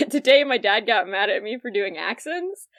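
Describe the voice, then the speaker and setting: A woman's voice: medium pitch, normal speed. A young woman co-hosting a podcast, telling stories in a casual chat and laughing often. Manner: animated storyteller, laughs often. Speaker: podcast co-host.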